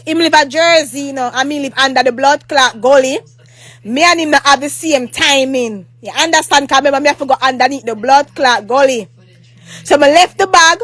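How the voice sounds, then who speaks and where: Jamaican lady with a high voice ranting a storytime vlog, rambly and repetitive, cusses a lot. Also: fairly bright tone, no room sound. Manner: rambling, repetitive, swears often; breaks into mock prayer. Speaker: vlogger.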